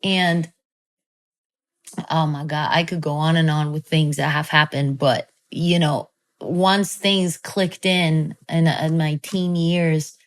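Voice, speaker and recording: A woman guest tells a long story in a casual, animated way, with many fillers and free swearing. Her voice sits somewhat low for a woman. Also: slow. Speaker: guest, film director.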